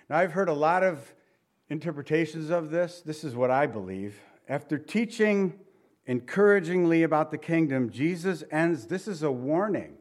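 A middle-aged American man preaching a sermon as pastor, talking conversationally with rhetorical questions and dropping softly for emphasis. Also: on the high side, lively intonation, normal speed. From United States.

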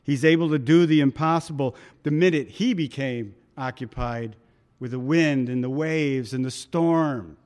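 A man's voice: medium pitch, measured pace, darkish tone. A man preaching a conversational sermon, acting out quoted voices as he reads and comments on scripture. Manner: conversational, dramatic quoting of voices.

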